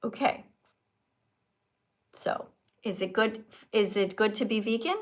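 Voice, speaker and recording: A woman from Canada hosting a casual live stream, chatty and animated, quizzing guests in a teacherly way. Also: medium pitch, slow pace.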